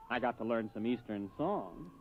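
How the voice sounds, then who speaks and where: A man's voice: mid-range voice, expressive, moderate pace, phone-quality sound, over music, natural voice. A man playing a breezy Brooklyn rocket captain. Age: 20s. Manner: breezy, easygoing and plainspoken, narrating his past. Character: brash young American rocket captain.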